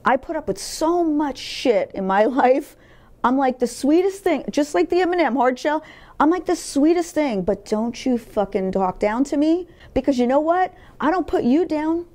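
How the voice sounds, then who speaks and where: A middle-aged woman tells her life story in an interview, candid, emphatic and blunt, swearing freely. Her voice sits high with lively intonation, a normal speed and a darkish tone.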